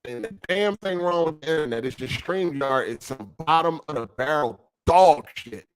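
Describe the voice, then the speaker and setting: A man's voice: fairly high pitch, animated, normal speed, smooth. A man hosting a gaming podcast stream, talking casually with heavy swearing and slang, venting his frustration. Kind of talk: casual profane rant. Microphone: streaming setup over a weak connection.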